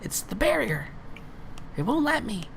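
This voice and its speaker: A woman's voice: on the high side, very animated, unhurried, vocal fry, a little hiss or hum, pitched above the performer's own voice, exaggerated voice. A man voicing a tiny female sprite in a tabletop game, worried and pleading.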